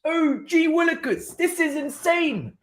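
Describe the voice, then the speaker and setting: A prim, scandalised gentleman, as a man puts him on gasps out high, drawn-out cries of disbelief. His voice swoops about and sounds thrown from a little way off the mic. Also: expressive. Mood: aghast.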